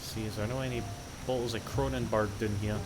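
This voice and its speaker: A man's voice: on the low side, fairly even intonation, fairly quick, over loud music. A man with a Scottish accent, rambling playfully and swearing as he streams a game. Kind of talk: casual gaming commentary.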